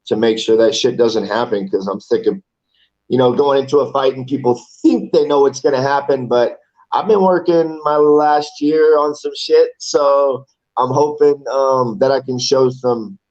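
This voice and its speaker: A man's voice: mid-range voice, fairly even intonation, normal speed, a little mellow, muffled recording. A man in his forties, a fighter guest in a casual interview, talking in a loose, rambling way and swearing casually. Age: 40s. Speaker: amateur MMA fighter, guest.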